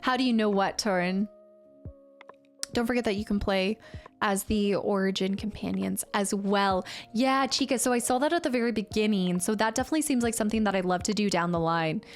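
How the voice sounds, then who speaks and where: A woman's voice: medium pitch, brisk, soft background music. A young woman streamer chatting casually with her viewers, reading comments and laughing often. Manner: chatty, laughs often, answers chat by name. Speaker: game streamer.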